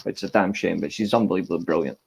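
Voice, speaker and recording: Opinionated man, low voice. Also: rapid-fire, vocal fry, slight background noise. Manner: opinionated, rambling match analysis with restarts. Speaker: co-host of a football watchalong. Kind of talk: casual live-stream chat.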